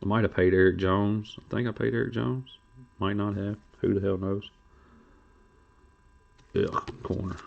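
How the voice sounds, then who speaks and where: A man's voice: fairly low pitch, steady tone, a little slow, vocal fry, long pauses, highs cut off. A man hosting a trading card stream, rambling and joking crudely in casual chat.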